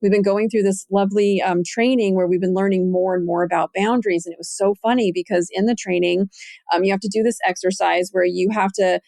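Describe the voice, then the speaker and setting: A middle-aged woman hosting a podcast, telling a personal story in casual, animated chat and jumping into a higher voice when she quotes people. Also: fairly quick, creaky, no echo, studio quality. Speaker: podcast host.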